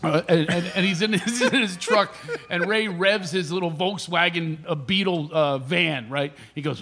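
Brief: male comic guest, high and gravelly, lively delivery, keeps cracking himself up while acting out his anecdotes. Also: moderate pace, few pauses. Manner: laughs through his own stories, acts out the people in them. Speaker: comedian guest. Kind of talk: animated comic storytelling.

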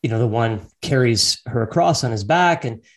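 A man hosts a podcast in a relaxed, conversational way, wandering a little and hesitating as he recalls a story. His voice sits at an ordinary middle pitch. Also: moderate pace. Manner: relaxed, rambling, hesitant paraphrasing with small laughs. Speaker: podcast host. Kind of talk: casual conversation.

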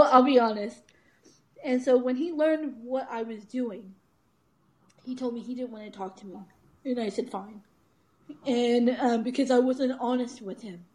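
Her voice on the high side and warm in tone, this woman is an interview guest who works as an author and speaker. She shares a frank personal story, laughs frequently and performs the voices of people she quotes, all over a rough recording.

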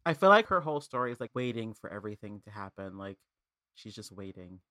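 A woman's voice: extremely low pitch, big pitch swings, fast talker, sharp tone, no room sound, clean studio sound. A woman guest on a podcast, chatting casually with lots of fillers and playful slang. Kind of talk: casual chat.

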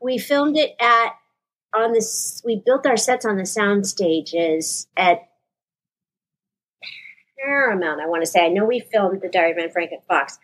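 This actress guest, a woman in her fifties, speaks at medium pitch with lively intonation and a fairly bright tone, unhurried and pausing often. She recounts an emotional story in a meandering way, stopping to correct herself.

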